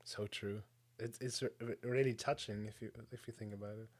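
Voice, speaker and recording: A man's voice: lowish voice, fairly even intonation, brisk. A man casually chatting alone on a livestream, rambling with many fillers and restarts. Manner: rambling, self-deprecating, lots of fillers. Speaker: streamer. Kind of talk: casual solo stream chat.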